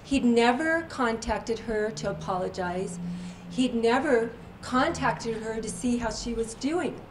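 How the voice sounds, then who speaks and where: Expressive woman author telling stories. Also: on the high side, a little hiss or hum, low-quality recording. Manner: expressive retelling, slowing for emphasis. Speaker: author at a book signing. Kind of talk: storytelling talk to an audience. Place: bookstore event.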